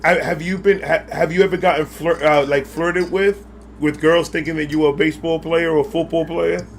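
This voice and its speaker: A man's voice: fairly high pitch, little pitch movement, normal speed, creaky, slight background noise. A man co-hosting a podcast, chatting casually about sports in a joking, profane, slangy way. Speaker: podcast co-host. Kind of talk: casual chat.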